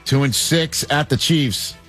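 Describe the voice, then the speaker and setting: A man with a New York accent hosting a sports call-in radio show, brisk and playful as he ribs callers. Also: mid-range voice, fairly bright tone, faint music behind.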